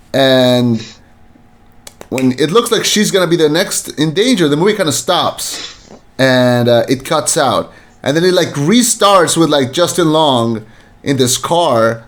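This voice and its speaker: Male podcast co-host, slightly high voice, rambling casual film chat with acted-out quotes. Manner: rambling, many fillers and restarts, animated quoting.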